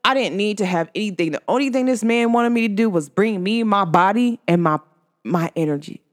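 A woman hosts her own podcast in a loose, chatty way. She tells stories with animated energy and scatters "like" through her speech. Her voice sits at an ordinary middle pitch. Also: fairly quick. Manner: animated storytelling, filler-heavy with frequent "like". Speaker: podcast host. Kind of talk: casual spiritual chat.

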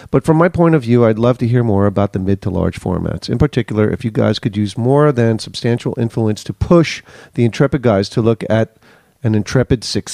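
A man's voice: medium pitch, vocal fry, warm tone, no echo. A male podcast co-host reading a listener letter aloud with wry asides in casual chat.

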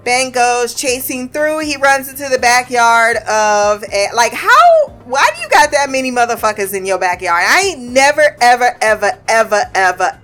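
A woman casually recapping a TV episode, animated and profane, acting out the characters' lines. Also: fairly high pitch.

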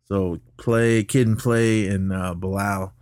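A man co-hosting a podcast, recapping a film in a casual, animated way and often laughing while he talks. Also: slow pace, no room sound, studio quality. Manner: animated retelling, jumps up in pitch when quoting characters. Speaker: podcast co-host.

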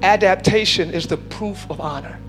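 A man preaching from the pulpit in a very high voice, driving his points home and then dropping to a near hush. Music plays steadily underneath him. The whole thing sounds like a live church service. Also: moderate pace. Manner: emphatic preaching, swinging between shouts and hushed low lines. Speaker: pastor. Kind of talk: sermon. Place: church sanctuary.

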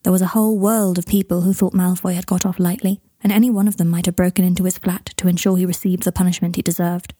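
Husky-voiced woman reading a story. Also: on the low side, flat delivery, fast talker, hardly any pauses, dark tone, no echo, clean studio sound. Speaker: narrator. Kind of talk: reading fan fiction aloud.

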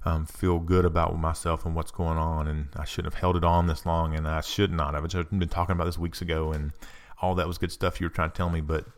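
Middle-aged male speaker, flat low delivery, earnest personal talk. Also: brisk, hardly any pauses. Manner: earnest, confessional, repeats phrases. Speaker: speaker giving a spiritual self-help talk.

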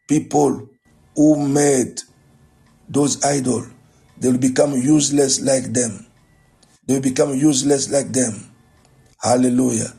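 Slow, gravelly male pastor preaching. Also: mid-range voice, mellow. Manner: slow, deliberate preaching with repeated phrases. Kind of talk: morning devotional sermon and prayer.

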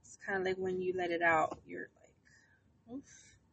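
A woman's voice: lowish voice, level tone, a little slow, vocal fry, fairly bright tone, dry recording, muffled recording. A woman in her early thirties co-hosting a podcast, talking bluntly, swearing and mixing English with Spanish. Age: 30s. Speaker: podcast co-host. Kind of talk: casual podcast chat.

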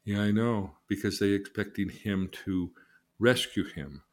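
An older man, a counselor, teaching in a casual way and telling folksy stories with lively acted-out quotes. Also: lowish voice, measured pace. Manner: folksy, animated storyteller who acts out quotes.

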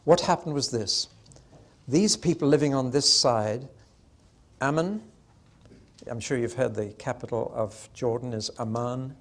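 An older man delivers a Bible teaching in sermon style, telling the story with emphasis. He slows down and leans on the key moments to give them weight. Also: medium pitch.

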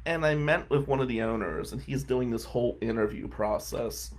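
A lawyer in his forties, speaking at medium pitch and a moderate pace, casually spins comic stories at his own expense. He tells them with animation and acts out the people he quotes.

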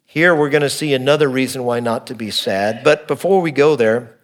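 A middle-aged man preaching an expository sermon, earnest and shifting between emphatic and hushed delivery. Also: medium pitch, brisk. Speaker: pastor.

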